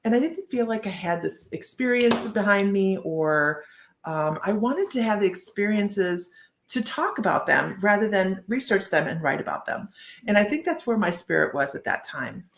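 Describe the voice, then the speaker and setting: A woman's voice: medium pitch, sing-song, normal speed. A woman hosting live psychic card readings. She chats in a rambling way and often restarts her sentences. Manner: chatty, rambling, with many restarts. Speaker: psychic reader and show host. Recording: roomy echo.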